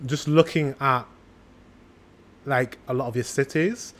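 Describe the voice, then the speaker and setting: A man's voice: mid-range voice, fairly even intonation, a little slow, a bit bright. A British man hosting a reaction video, chatting casually and drifting off on tangents. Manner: rambling, goes off on tangents.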